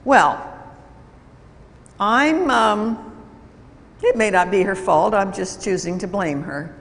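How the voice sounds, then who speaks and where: A woman's voice: mid-range voice, takes it slowly, slight background noise. A woman voicing an angry, defensive male office worker, whiny and raised, with long hall reverb. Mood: sheepish.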